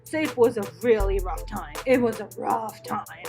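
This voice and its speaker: A middle-aged woman, a stand-up comedian, telling her life story as a podcast guest in a candid, profane, animated way. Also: mid-range voice, normal speed, over music. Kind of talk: casual interview storytelling.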